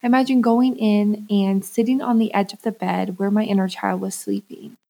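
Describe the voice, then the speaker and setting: A soft-spoken young woman speaks in a calm, unhurried monologue, her voice dark and mellow. She sounds like a podcast host gently walking listeners through a personal practice, keeping an even, reflective pace. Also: mid-range voice, vocal fry. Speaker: podcast host, self-love coach.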